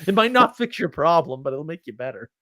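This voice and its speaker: A man's voice: fairly high pitch, sing-song, fast, pushed and bright, no echo. Blunt, joking man on a dry mic. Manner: blunt, joking, self-deprecating. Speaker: host. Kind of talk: casual rambling chat.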